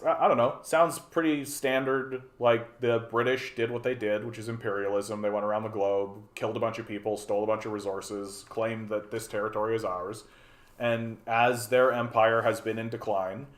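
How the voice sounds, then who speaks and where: A man hosting a casual political stream, talking bluntly with lots of restarts and profanity. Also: fairly low pitch. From Canada. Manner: rambling, blunt, profane, many restarts and fillers. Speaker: livestream host. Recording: roomy echoey room.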